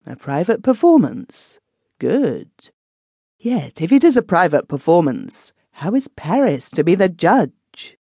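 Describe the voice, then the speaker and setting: A woman reading the part of a little, fretful male comic actor who asks quick questions, in an audiobook. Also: on the low side, sing-song, warm tone, breathy edge, no room sound, pitched above the performer's own voice, heavily acted.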